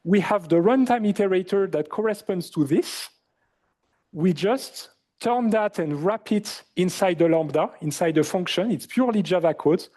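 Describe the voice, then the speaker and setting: A man lecturing in a university hall, speaking English with a French accent. His voice is slightly high and mellow. He keeps asking the students questions and fills pauses with "uh" and "um". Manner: asks the class questions, many fillers.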